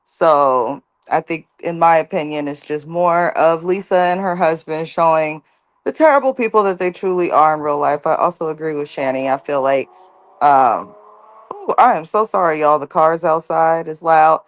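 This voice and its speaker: Low-voiced woman giving blunt opinions. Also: normal speed, dry recording. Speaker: co-host. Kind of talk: casual recap chat.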